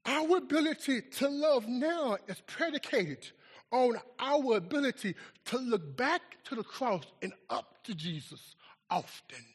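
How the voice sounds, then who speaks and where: A man, a pastor preaching a sermon and telling a story, swinging from booming shouts down to hushed, near-whispered lines. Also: expressive, measured pace, husky, in a large hall.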